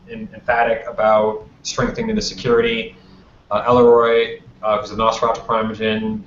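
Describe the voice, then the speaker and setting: A man's voice: on the low side, fairly bright tone. Man narrating a tabletop game. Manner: loose, conversational storytelling. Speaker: game master. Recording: roomy, dull lo-fi, faint noise.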